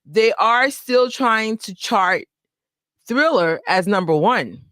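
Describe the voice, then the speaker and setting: A young adult woman hosting a casual fan live stream from home on a desk microphone, chatty and excitable, greeting viewers by name and laughing often. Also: on the high side, slow pace, no room sound, studio quality. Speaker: fan channel host.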